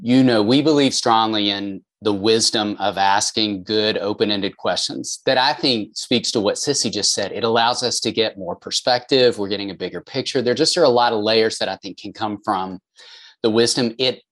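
A man's voice: lowish voice, normal speed, fairly bright tone. A man, a counselor and author, speaking in an earnest, explanatory way during a podcast conversation. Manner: earnest, explanatory, many "I think" qualifiers.

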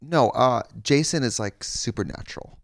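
A man rambling through a casual comedy podcast chat, mid-pitched and even-keeled in the middle range. His voice sits close and dry, with no room around it. He drifts between stories and jokes in an easy, loose way. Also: normal speed, vocal fry, no echo. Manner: chatty, rambling, breaks into put-on voices. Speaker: podcast co-host.

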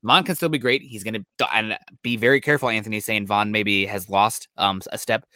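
A man with a somewhat low but bright, forceful voice, recorded dry and close. He talks football fast and analytically, packing in jargon between fillers, in casual podcast chat. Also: steady tone, no room sound. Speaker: podcast co-host. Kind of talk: casual sports talk. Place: Seattle area.

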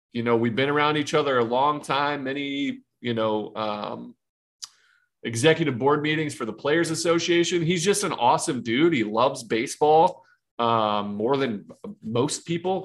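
A man's voice: mid-range voice, moderate pace. Laid-back man in casual sports chat. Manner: laid-back, chatty, laughs easily. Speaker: co-host, former player.

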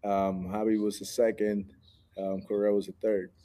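Easygoing ballplayer man, low voice. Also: flat delivery, normal speed, dark tone. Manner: easygoing, laughs often, restarts sentences. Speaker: guest ballplayer. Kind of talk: casual interview answers.

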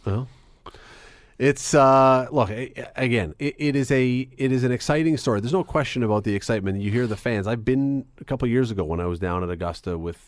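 A man's voice: medium pitch, a little fast, no echo. A man hosting a radio sports talk show, chatting casually with many restarts and easy laughs.

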